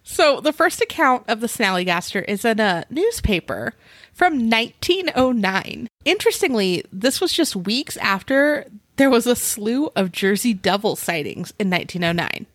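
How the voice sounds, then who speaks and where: Upbeat co-host, a woman, fairly high-pitched, reads notes between laughs, dry recording. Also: big pitch swings, moderate pace, no echo. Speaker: podcast co-host. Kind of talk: casual podcast chat.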